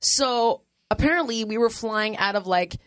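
A woman's voice: fairly high pitch, normal speed. A woman host spins a comic travel story in loose, casual chat. She laughs often and jumps into other people's voices as she tells it. The sound is dry and close, with no room echo. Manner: animated, laughs often, acts out others' lines.

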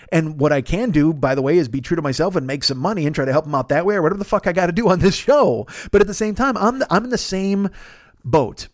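Podcast host, man, quick, self-mocking profane monologue, dry close mic. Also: fairly high pitch, dry recording. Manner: profane, self-deprecating rant. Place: Los Angeles.

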